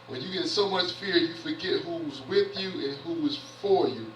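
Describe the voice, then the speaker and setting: A man's voice: fairly high pitch, normal speed, far from the mic, slight background noise. A man preaching a sermon in a church, reading scripture aloud and then explaining it in everyday, conversational words. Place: church sanctuary. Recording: roomy church audio picked up from afar.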